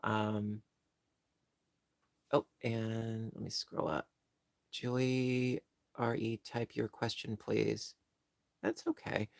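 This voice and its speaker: A man's voice: lowish voice, completely flat delivery, takes it slowly, creaky, pauses often, dry recording, clean studio sound. A man hosting a home livestream, chatting casually and reading viewers' comments, rambling and apologizing with many ums and restarts. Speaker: livestream host.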